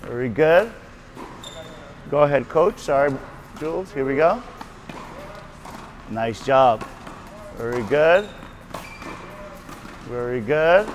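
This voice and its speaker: A man coaching a tennis class on court, giving brisk repeated cues and frequent praise. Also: mid-range voice, animated, slight background noise. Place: tennis court at a racquet club.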